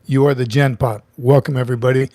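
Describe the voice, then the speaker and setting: A man's voice: medium pitch, fairly even intonation, quick pace, dark tone, dry recording. A middle-aged man hosting a casual livestream, chatty, joking and greeting viewers by name. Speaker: livestream host.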